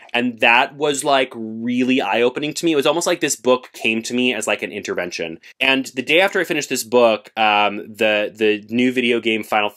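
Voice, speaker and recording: A man chatting casually about books he read this month, expressive and full of fillers, with lively jumps in pitch when he gets excited. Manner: frequent fillers like "like" and restarts. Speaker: book vlogger. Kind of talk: casual book review chat.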